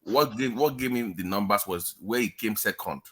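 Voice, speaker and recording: A man's voice: on the low side, moderate pace, fairly bright tone. A man hosting a heated political discussion on an online call, insistent and cutting in to make his point. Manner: insistent, cuts in by repeating names. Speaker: show host.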